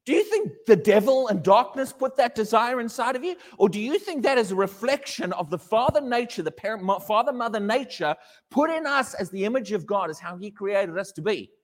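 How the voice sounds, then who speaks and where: A man preaching a sermon to a congregation, animated and questioning his listeners, often acting out little dialogues. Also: high voice, fairly quick, long reverb tail.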